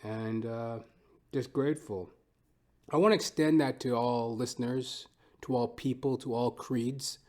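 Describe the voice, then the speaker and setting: A man's voice: medium pitch, fairly even intonation, measured pace, a little mellow. A man in a mid-range voice hosts his own podcast from home. He rambles casually and swears often. He keeps turning the joke on himself. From Canada. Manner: profane, rambling, self-mocking. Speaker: podcast host. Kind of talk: casual comedic monologue.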